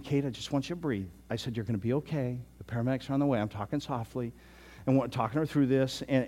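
A pastor in his sixties telling a story in a sermon, chatty, often repeating himself and dropping to a soft voice. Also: mid-range voice. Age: 60s. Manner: conversational, repeats words, drops to soft tones.

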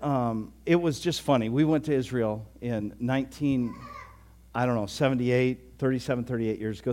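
A man's voice: medium pitch, a little mellow. A man in his sixties, a pastor, giving a folksy, conversational sermon, often chuckling and restarting his sentences.

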